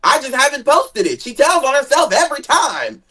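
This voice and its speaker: A guest chatting casually about family drama, animated, jumping into high dramatic tones and swearing freely. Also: moderate pace. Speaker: guest sharing family stories. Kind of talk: casual gossip chat.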